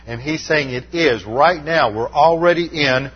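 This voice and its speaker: A man's voice: fairly high pitch, a little slow, husky, highs cut off. A man giving a methodical verse-by-verse Bible lesson, stopping often to explain Greek terms, with frequent "uh" fillers. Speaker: Bible teacher.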